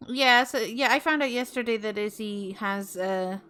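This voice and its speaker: A woman's voice: a little high, normal speed, a bit bright, smooth. A woman hosting her stream in a bubbly, chatty way, swearing casually. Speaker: VTuber streamer host.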